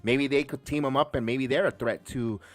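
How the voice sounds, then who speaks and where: A man hosting a casual podcast, talking in an enthusiastic, rambling way full of restarts and fillers. His voice sits at an ordinary middle pitch. The sound is dry and close, with no room around it. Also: steady tone, normal speed, dry recording. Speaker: podcast host. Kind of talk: casual wrestling recap chat.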